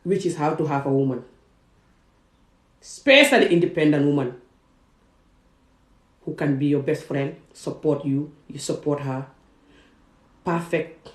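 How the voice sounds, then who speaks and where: A woman's voice: deep voice, lively intonation, a little slow, long pauses. A woman from Gambia and Senegal giving an emphatic personal vlog monologue, repeating words for stress. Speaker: vlogger. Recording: roomy echo.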